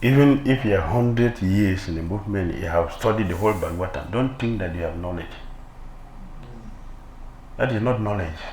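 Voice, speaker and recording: A man's voice: deep voice, moderate pace, a little mellow, a little hiss or hum. A man giving a scripture sermon as a swami, firing rhetorical questions and mocking envy with a laugh. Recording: echoey hall with faint ambience.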